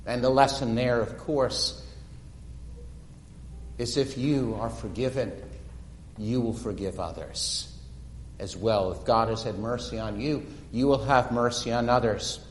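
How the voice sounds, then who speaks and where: A man preaching a sermon, retelling stories dramatically and slowing down for emphasis. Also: medium pitch, a little hiss or hum. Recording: echoey hall reverb.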